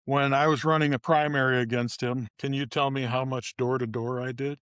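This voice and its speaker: A middle-aged man, co-hosting a podcast and ranting about local politics in a profane, animated way. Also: fairly quick, clear, resonant tone, no room sound, studio quality. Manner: profane, animated storytelling with sudden pitch jumps. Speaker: podcast co-host. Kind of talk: casual ranting chat. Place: studio.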